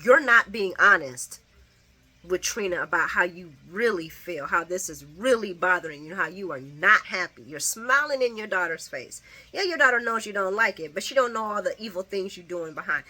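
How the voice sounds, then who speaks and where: Animated recap host, a woman, opinionated and chatty, bright voice that laughs often. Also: mid-range voice, normal speed. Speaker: soap opera recap vlogger. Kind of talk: casual spoken recap.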